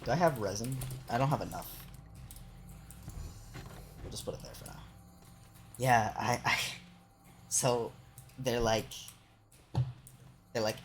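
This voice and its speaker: A woman's voice: very deep voice, expressive, normal speed, pauses often, a little hiss or hum. A young woman streamer chatting casually while gaming, telling a rambling work story full of swearing and laughter.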